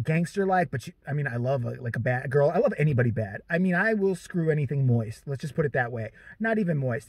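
A man's voice: fairly high pitch, fairly bright tone, slightly rough, no echo. A young man telling a crude story in a casual, rambling vlog from inside a parked car. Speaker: vlogger.

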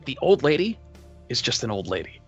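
A man's voice: mid-range voice, very animated, brisk, slightly rough, lo-fi sound, soft background music. A man narrating as game master of a tabletop game in a casual, conversational way.

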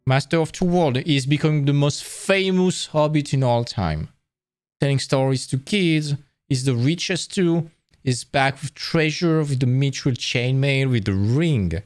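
A man's voice: medium pitch, a little slow, no room sound, studio quality. Man giving a casual lecture. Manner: casual, restarting, enthusiastic explaining. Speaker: presenter. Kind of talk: live-streamed lecture.

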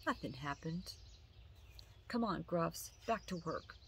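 A woman's voice: deep voice, lively intonation, takes it slowly, slight background noise, heavily acted. A woman voicing a brusque, dismissive boss creature.

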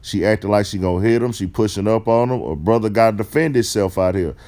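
A man hosting a commentary vlog, talking in a relaxed, slangy way to his viewers. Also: on the low side, quick pace. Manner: laid-back slangy talk, calls listeners dog. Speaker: host.

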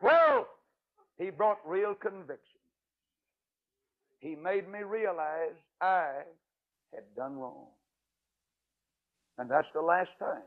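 An older man, an evangelist preacher, telling a folksy, emphatic story in a sermon, his voice swinging from loud to hushed. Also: a little high, slow pace, pauses often. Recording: tinny radio broadcast audio.

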